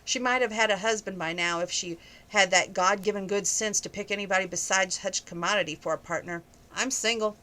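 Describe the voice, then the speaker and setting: A woman's voice: medium pitch, a little fast, few pauses, bright, forceful tone, natural voice, poor audio. A woman reading aloud, voicing a friendly single ranch woman who talks cheerfully and teases lightly.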